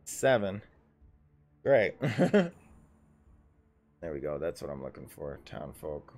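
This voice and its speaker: A man's voice: a bass voice, sing-song, unhurried, darkish tone, faint music behind. A man in his thirties acting as dungeon master on a casual livestream, thinking aloud as he reads out the adventure and calls for rolls. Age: 30s.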